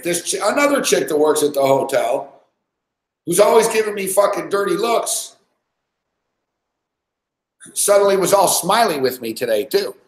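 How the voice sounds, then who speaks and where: A man rambling through a crude story, swearing constantly and stuffing his sentences with fillers. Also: a little high. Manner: rambling, profane, lots of "like" and "fucking". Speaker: podcast host. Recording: echoey room.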